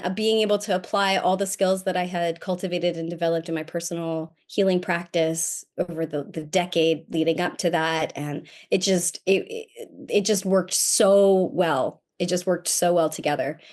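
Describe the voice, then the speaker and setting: A woman guest on a podcast telling a personal story in a casual, animated, self-mocking way. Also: fairly low pitch, normal speed. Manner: animated and self-mocking, acting out quoted voices.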